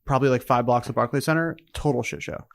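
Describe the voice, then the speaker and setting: A man's voice: medium pitch, quick pace, no echo. Easygoing man in a dry-sounding room. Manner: easygoing, agreeable, short affirmations. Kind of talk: casual podcast chat.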